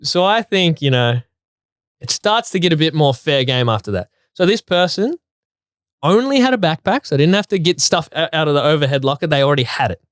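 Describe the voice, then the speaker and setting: A man with a fairly high voice recounts a listener's story in a casual chat show. He tells it animatedly, piling on detail. The sound is close and dry. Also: big pitch swings, fairly quick, smooth, no echo. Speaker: co-host.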